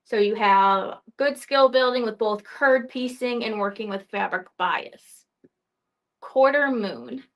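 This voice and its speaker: A woman's voice: a little high, takes it slowly. Chatty young woman presenting quilting patterns. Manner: chatty, giggly, trips over words and laughs at herself. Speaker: host presenting new quilting products. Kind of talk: casual live product showcase.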